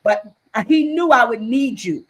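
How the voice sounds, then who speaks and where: A woman's voice: fairly high pitch, lively intonation, measured pace, a little hiss or hum, poor audio. An earnest, faith-driven woman on a video call. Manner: earnest, faith-driven, often restarts and repeats words. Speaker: guest author and business executive. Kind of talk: impassioned interview talk.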